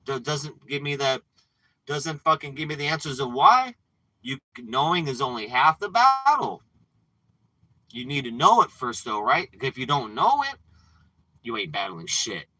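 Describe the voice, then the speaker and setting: A man hosting a livestream, ranting and preaching with frequent swearing, dropping from low mutters to loud outbursts. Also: no room sound, low-quality recording. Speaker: livestream host.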